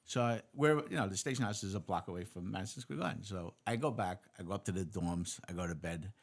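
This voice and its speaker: A man's voice: deep voice, quick pace. A man, a former police officer hosting and sharing stories. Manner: relaxed recollection with street-by-street detail. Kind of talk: casual storytelling.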